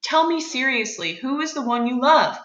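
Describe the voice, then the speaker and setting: A woman reading aloud as a patient young man who gently coaxes his cousin to open up. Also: high voice, lively intonation, normal speed, dull audio. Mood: coaxing. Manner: gentle, coaxing questions. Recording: roomy echo.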